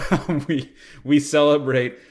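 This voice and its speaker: A man's voice: a little high, steady tone, takes it slowly, a little mellow. A man hosting a casual podcast chat over a video call, laughing often. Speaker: podcast host.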